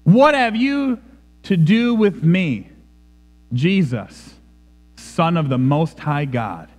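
Play as the preacher doing a tormented possessed man: high, strained and pleading, in a big echoing room. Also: big pitch swings, measured pace. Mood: panicked hostility. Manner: shouting, panicked pleading. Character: tormented demon-possessed man, fearful and hostile.

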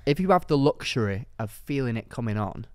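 A man's voice: mid-range voice, expressive, fairly quick, a little mellow, no echo. A young man co-hosting a podcast, telling rambling anecdotes in casual chat. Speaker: podcast co-host.

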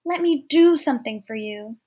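A woman voicing a sad, gentle blind bison in a read-aloud folktale, speaking slowly and kindly. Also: sits high, animated. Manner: slow, gentle storybook voice.

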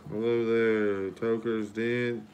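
A man's voice: on the low side, level tone, takes it slowly, slight background noise. A man hosting a casual livestream, greeting and thanking viewers by name over and over. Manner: repetitive shout-outs and thanks to viewers. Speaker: livestream host. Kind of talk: casual live-stream chat.

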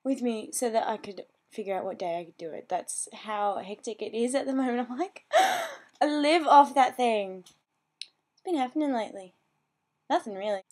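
A woman's voice: a little high, animated, moderate pace, darkish tone. A teenage girl, chatting bubbly and scattered in a casual home vlog, often gasping and laughing. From Australia. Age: teens. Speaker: vlogger. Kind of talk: casual chat.

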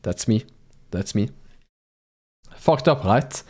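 A man's voice: on the low side, lively intonation, slow, darkish tone, slightly rough. A man chatting through a visual novel playthrough, his voice bouncing up and down a lot as he reacts. He jokes and swears freely, half reading lines and half riffing on them. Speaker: streamer playing a visual novel. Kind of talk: casual let's-play commentary and reading game lines aloud.

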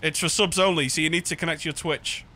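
A man streaming a driving game, chatting casually and breaking into excited outbursts. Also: fairly high pitch, fast. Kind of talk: casual gaming chat.

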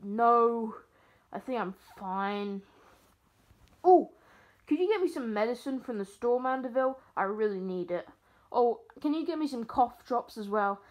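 A woman voicing a sick grown man who groans and complains, slow and miserable. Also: on the high side, lively intonation, a little mellow. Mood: weak. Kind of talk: puppet comedy voice acting.

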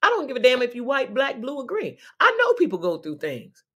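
A woman's voice: high-pitched, wildly swooping pitch, brisk, breathy edge. Sassy woman preaching on a livestream. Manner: sassy, preachy, swings between soft reflection and loud outbursts; laughs often between phrases. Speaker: livestream host. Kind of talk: casual inspirational talk.

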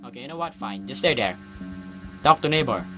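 A man giving jokey, excitable let's play commentary, yelping at scares. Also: mid-range voice, a little fast, a little hiss or hum. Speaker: gaming YouTuber.

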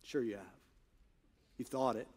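In church, a male pastor preaches earnestly in a steady, medium-pitched voice, taking his time. His sermon swings from hushed asides to points he stresses emphatically.

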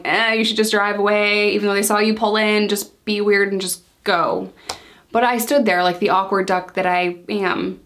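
A woman in her thirties telling a personal story in a chatty, exasperated way, quoting herself and others in quick bursts. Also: medium pitch, fairly bright tone. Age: 30s. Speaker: storytime vlogger. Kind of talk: casual storytelling.

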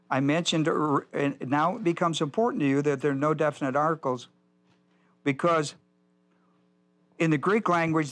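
A man's voice: fairly high pitch, fairly bright tone. An older man teaching a Bible study as pastor, folksy and digressive, often repeating himself. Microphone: whiteboard lecture in a church.

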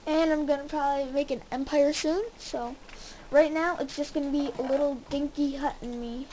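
A young woman hosting a gaming channel, giving casual commentary as she plays and talking excitedly to her viewers. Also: high-pitched, moderate pace, slight background noise, low-quality recording. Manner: excitable, exclaims and talks to viewers.

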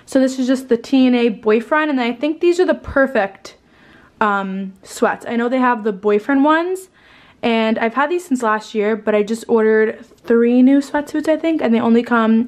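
Young woman vlogger, higher-pitched voice, chatty and rambling, tired and a bit winded, recorded on a handheld camera mic at home. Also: moderate pace. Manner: bubbly, rambling, swears casually. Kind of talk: casual chatty home tour. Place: at home indoors.

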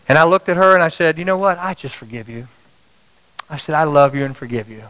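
A pastor preaching a sermon in a high, bright voice. He calls out to the congregation for an amen, then drops to a near-whisper when he quotes. The recording sounds slightly dull and lo-fi. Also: lively intonation, fast, big-room sound. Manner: call-and-response preaching, swings from loud to hushed.

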